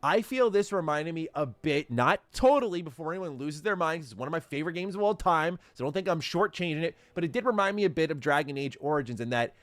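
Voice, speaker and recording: A man's voice: on the high side, animated, fast talker, hardly any pauses, dry recording. A man giving casual video commentary on a game trailer, enthusiastic and rambling, with many fillers. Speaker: gaming commentator.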